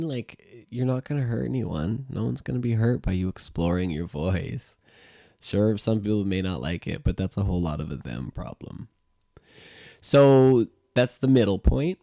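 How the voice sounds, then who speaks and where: A man with a very deep, gravelly voice leads a voice-exercise session as a sound therapist. He talks in an easygoing, meandering way, leaning on fillers as he explains. The sound is dry and close, with almost no room around it. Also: dark tone, no room sound. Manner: easygoing, rambling, filler-heavy. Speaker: music teacher and sound therapist. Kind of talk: guiding a voice exercise.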